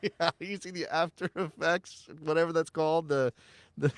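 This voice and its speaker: A man co-hosting a sports podcast, talking in an animated, mocking way and laughing often. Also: on the high side, normal speed, no room sound. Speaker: podcast co-host. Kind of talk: casual sports chat.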